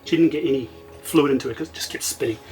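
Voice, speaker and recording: A middle-aged man tells a story in a relaxed, conversational way. He keeps quoting himself as events unfold, which gives his account a lively, spoken feel. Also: medium pitch, fast, soft background music, rough recording. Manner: vivid retelling, often quoting himself. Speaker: interview guest. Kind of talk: casual storytelling.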